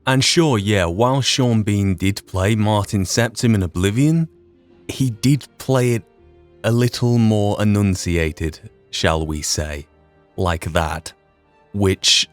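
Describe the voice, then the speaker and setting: Low-voiced Yorkshire man, dry close sound. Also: dry recording. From Yorkshire, England. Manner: rambling, self-deprecating, quick to laugh, swears mildly. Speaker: podcast host and mod creator. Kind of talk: casual retrospective monologue.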